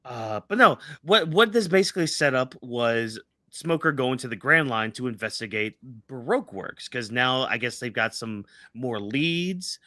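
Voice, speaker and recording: A man's voice: mid-range voice, animated, normal speed, hardly any pauses, bright, forceful tone, no echo, studio quality. A man co-hosting a casual fan podcast, rambling with lots of fillers and restarts. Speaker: podcast co-host.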